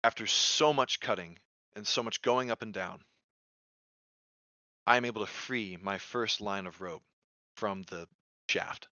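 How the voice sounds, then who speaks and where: A man with a bright, forceful voice telling a story in casual podcast chat, loose and profane, full of "like." He swings from hushed narration to loud exclamations. The sound is dry and a bit dull and lo-fi. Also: on the low side, unhurried, pauses often, no room sound. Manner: loose and profane, heavy use of "like". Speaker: podcast guest.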